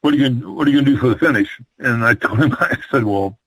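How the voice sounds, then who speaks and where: A man's voice: mid-range voice, rapid-fire, a bit bright, breathy edge, poor audio. An older man from the American Midwest, a retired wrestler, telling long stories in an interview, rambling with many fillers and restarts. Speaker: retired pro wrestler, guest. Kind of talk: storytelling interview.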